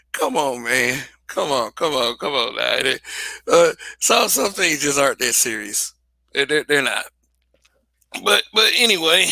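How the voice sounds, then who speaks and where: A man's voice: on the high side, very animated, slow pace, vocal fry, pauses often, sharp tone, no echo. A man hosting a livestream, talking casually and bluntly, swearing, restarting sentences and repeating phrases for emphasis. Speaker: livestream host.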